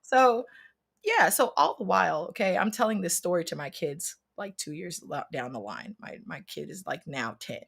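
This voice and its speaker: A woman in her thirties on a casual stream, telling a personal story with loud, expressive outbursts and plenty of swearing. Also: on the low side, normal speed, gravelly, husky. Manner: expressive, swears freely, acts out scenes with sudden loud outbursts. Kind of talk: casual chat, animated storytelling.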